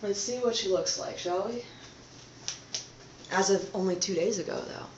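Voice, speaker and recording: Woman host, soft-spoken conspiratorial monologue to camera; roomy, dull-edged home audio. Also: mid-range voice, moderate pace, background noise. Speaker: channel host.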